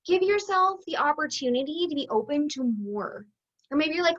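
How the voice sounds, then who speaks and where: A woman's voice: high voice, lively intonation, moderate pace, highs cut off. A woman business coach teaching an online masterclass, upbeat and conversational, acting out the thoughts she quotes.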